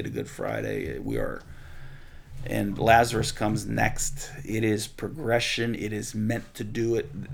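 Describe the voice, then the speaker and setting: Gravelly-voiced man teaching the Bible. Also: fairly low pitch. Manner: conversational, restarts often, animated stretches. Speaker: pastor leading a Bible study. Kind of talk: informal Bible teaching and prayer.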